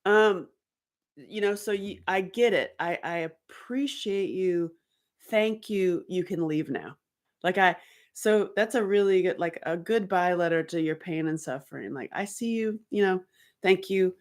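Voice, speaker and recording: A woman's voice: on the low side, measured pace. A woman giving a casual, unscripted self-help talk as a workbook author, candid and emotional, rambling with many fillers and restarts.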